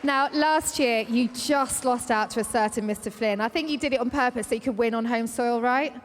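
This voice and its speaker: A woman's voice: a little high, normal speed. A woman reporter interviewing athletes in a bubbly, teasing way. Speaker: trackside reporter. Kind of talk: sports interview. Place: indoor arena. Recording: reverberant arena.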